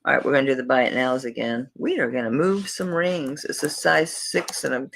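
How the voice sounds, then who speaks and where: A woman's voice: deep voice, moderate pace, creaky, very noisy. Chatty Southern woman selling jewelry live. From Tampa, Florida, USA. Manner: chatty and rambling, talking to herself while searching. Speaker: live jewelry sale host. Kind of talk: casual live-stream selling chat.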